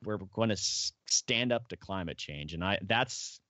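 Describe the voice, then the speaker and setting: A man's voice: deep voice, animated, a little slow, sharp tone, no room sound. A middle-aged man, a podcast guest, talking casually in a rambling way and telling stories. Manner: rambling storyteller, acts out quoted voices. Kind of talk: casual interview talk. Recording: dull, dry lo-fi audio.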